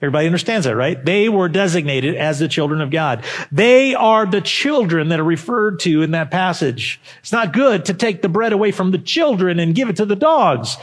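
High-voiced fervent male preacher. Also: expressive, fairly quick. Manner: emphatic, rising to fervent peaks and dropping low; addresses the congregation directly with questions. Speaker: pastor. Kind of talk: sermon.

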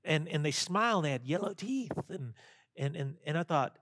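A man's voice: a little high, expressive, moderate pace, fairly bright tone, no room sound, clean studio sound. A male pastor preaching a sermon in a conversational way, asking his congregation questions and telling stories.

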